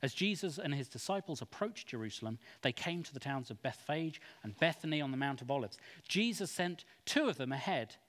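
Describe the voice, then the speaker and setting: Expressive man reading scripture aloud. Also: mid-range voice, brisk, few pauses. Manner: expressive, acts out quoted speech. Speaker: scripture reader. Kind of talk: dramatic Bible reading. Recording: long hall reverb.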